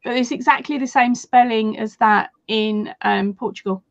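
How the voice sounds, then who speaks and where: Woman guest from Britain, explanatory tone, higher voice, dry lo-fi audio. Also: normal speed, no room sound. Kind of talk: casual chat.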